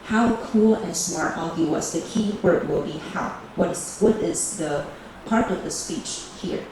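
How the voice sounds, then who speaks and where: A woman teaching a bilingual grammar lesson to high school students, repeating key phrases and calling on teams. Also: unhurried, far from the mic. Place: large echoey classroom. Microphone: camera recording the class. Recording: echoey classroom video with background noise.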